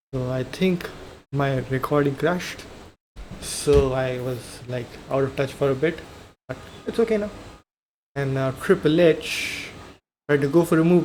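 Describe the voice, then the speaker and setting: A young man calls a video game match in a loose, chatty play-by-play. His voice sits a little higher than most men's, and he thinks out loud, often stopping to correct himself. A faint hiss of noise runs behind him. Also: low-quality recording. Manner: thinks aloud, self-corrects, rambling asides. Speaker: gaming commentator. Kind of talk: casual play-by-play commentary over a video game.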